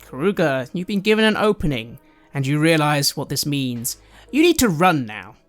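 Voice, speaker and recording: A game master narrating a tabletop roleplaying game and giving the players direction briskly. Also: female voice, sits low, sing-song, soft background music.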